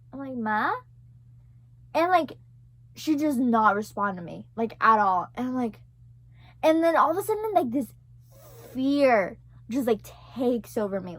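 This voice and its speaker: A woman's voice: fairly high pitch, no echo. A young woman telling a story to her viewers in a loose, rambling way, packing in "like" and "right?" and swearing now and then. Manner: rambling, heavy use of "like" and "right?"; swears casually. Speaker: vlogger. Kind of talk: casual storytelling to camera.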